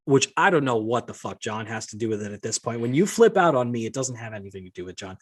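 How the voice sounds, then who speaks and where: On his own podcast, a man with a lowish voice rants in an exasperated, indignant way, talking fast with hardly any pauses and lively intonation. He swears a lot and reads aloud messages sent to him.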